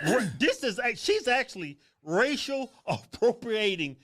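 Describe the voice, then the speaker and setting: A man's voice: very high voice, big pitch swings, unhurried, fairly bright tone. A middle-aged man bantering with his co-host, joking and laughing often. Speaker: political commentator.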